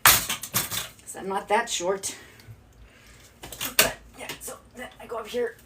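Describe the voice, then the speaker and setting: A woman's voice: mid-range voice, fairly even intonation, slow pace. A woman chatting casually during a live stream while she cleans at home, rambling and talking to herself as she goes. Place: home kitchen, indoors. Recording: distant phone mic with faint background noise. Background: faint nature sounds.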